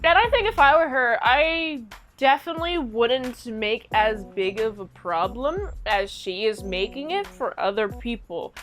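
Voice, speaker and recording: A woman's voice: fairly high pitch, unhurried, soft background music. A young woman casually recapping and reviewing a TV episode, chatty and rambling. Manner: chatty, rambling, animated retelling.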